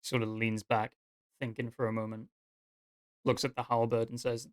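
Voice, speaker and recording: A man running a tabletop game as game master, narrating in a relaxed, rambling way with fillers. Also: medium pitch, moderate pace, pauses often, dry recording, clean studio sound.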